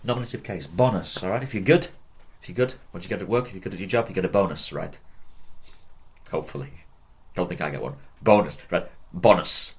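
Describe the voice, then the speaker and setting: Husky low-voiced man, chatty language teacher drilling vocabulary. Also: fast. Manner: chatty, drills words by repeating them. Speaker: Latin teacher. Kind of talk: video lesson.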